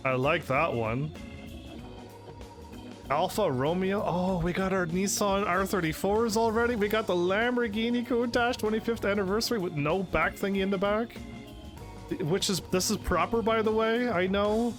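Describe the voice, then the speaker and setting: A man hosting a let's play, reading game text aloud and reacting with excited, sarcastic commentary. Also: high voice, normal speed. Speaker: gaming channel host. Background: faint game music.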